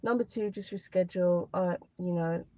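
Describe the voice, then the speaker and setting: A woman's voice: fairly low pitch, moderate pace, warm tone, no room sound. Candid woman chatting on a livestream. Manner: candid, rambling, repeats herself. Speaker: career advice livestreamer. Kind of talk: casual live chat to viewers. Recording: dry, slightly dull lo-fi sound.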